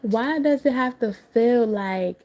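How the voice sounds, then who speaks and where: A woman's voice: a little high, slow pace, mellow. A woman hosting a livestream, recounting a dream in a casual, rambling way, laughing often and swearing freely.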